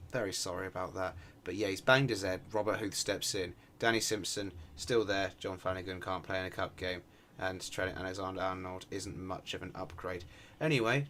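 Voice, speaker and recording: A young man, a gaming video host, giving sarcastic and excitable play-by-play over his game, swinging from shouts to mutters. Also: on the low side, a little hiss or hum. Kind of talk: gameplay commentary.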